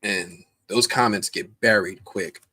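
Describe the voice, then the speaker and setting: A man's voice: on the low side, unhurried, breathy edge. A man hosting a live stream, chatting casually and animatedly with viewers in the chat. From United States. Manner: animated, talks directly to chat viewers, many restarts.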